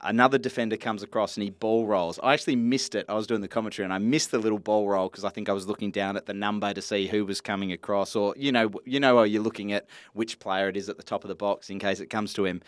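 Smooth-voiced man, blunt and chatty. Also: lowish voice, dry recording. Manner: chatty, blunt, swears freely. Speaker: podcast co-host. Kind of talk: casual sports podcast chat.

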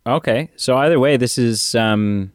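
A man co-hosting a casual film review podcast, talking in a rambling, hesitant way with many pauses. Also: mid-range voice, smooth, dry recording, clean studio sound. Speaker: podcast co-host.

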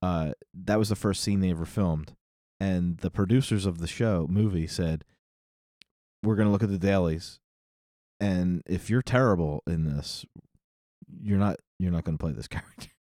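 A man's voice: deep voice, moderate pace, warm tone, no room sound, studio quality. A middle-aged man co-hosting a podcast in casual chat, rambling and correcting himself, often laughing. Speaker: podcast co-host.

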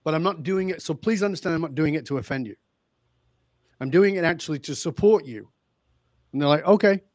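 A man's voice: on the high side, fairly quick, no room sound, studio quality. A man telling stories as a guest in a podcast interview, acting out the dialogue with energy. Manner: animated storyteller, acts out dialogue. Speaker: leadership speaker, guest.

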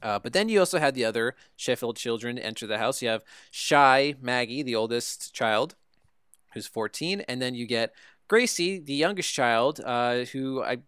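A man's voice: medium pitch, lively intonation, moderate pace, fairly bright tone, smooth, no echo, studio quality. A man hosting a podcast, recapping a TV episode in easy conversational chat and often checking in with "right?". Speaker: podcast host recapping a TV show. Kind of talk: casual review chat.

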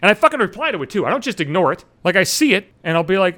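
A man's voice: sits high, very animated, very fast, few pauses, sharp tone. A man hosting a solo podcast, venting in a heated, profane rant. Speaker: podcast host.

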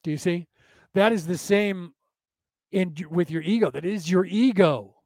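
A man hosts a loose spiritual talk, rambling, circling back and repeating his points like a preacher. His voice is high for a man, and the recording is close and dry. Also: unhurried, darkish tone, no echo. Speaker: podcast host.

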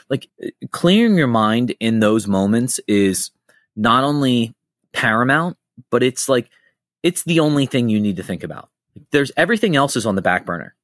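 A man's voice: medium pitch, moderate pace, no room sound, clean studio sound. A middle-aged man hosting a podcast, telling stories in casual chat and acting out the quotes he tells. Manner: animated storyteller, acts out quotes. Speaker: podcast host.

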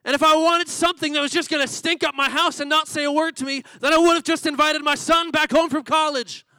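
A man putting on a shrill, indignant lonely mother. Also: fairly quick, sharp tone, smooth, no echo, rough recording. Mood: furious. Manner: shrill, raised voice when scolding. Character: lonely middle-aged mother, fed up and indignant.

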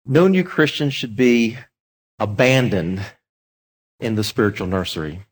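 A man's voice: lowish voice, sing-song, a little slow. A middle-aged man, a pastor, giving an earnest, conversational teaching talk on evangelism, with fillers and restarts.

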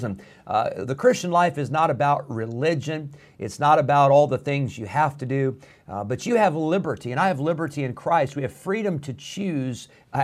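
A middle-aged pastor preaching an earnest radio sermon, often pausing on "uh" and building to fervent emphasis. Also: male voice, a little high.

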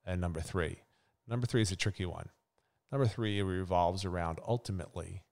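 A man's voice: low voice, a little fast, gravelly, a little mellow. A man hosting a solo podcast who answers a listener's question and thinks aloud as he talks, with rambling restarts. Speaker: podcast host.

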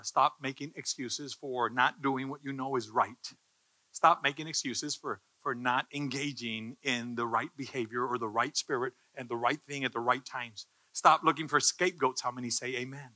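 A male pastor preaching a sermon, joking with the congregation and building to loud, passionate calls. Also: mid-range voice, low-quality recording.

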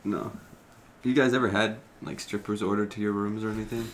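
A man's voice: lowish voice, steady tone, brisk, slight background noise. A man co-hosting a podcast from a hotel room, asking questions and giggling in casual chat.

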